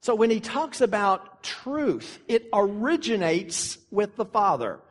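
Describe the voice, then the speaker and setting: A pastor preaching a sermon earnestly, slowing down to stress key phrases and pausing for effect. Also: male voice, high-pitched, big pitch swings, long reverb tail. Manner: earnest preaching with dramatic pauses and slow emphasis.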